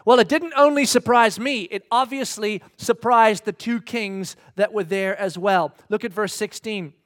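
A man's voice: high voice, a little slow, a bit bright. A man preaching a sermon in a conversational, humorous storytelling manner.

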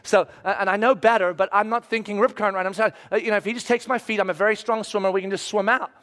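High-voiced man telling a story. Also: fast talker. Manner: animated, acts out voices, swings from loud excitement to hushed. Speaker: speaker telling a personal story. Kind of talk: storytelling talk to an audience.

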